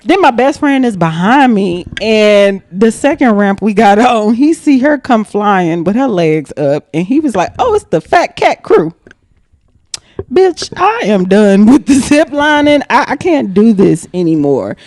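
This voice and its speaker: A young adult woman, a podcast guest, telling a story casually in an animated, profane way, laughing often. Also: mid-range voice, measured pace, hardly any pauses, dry recording, clean studio sound.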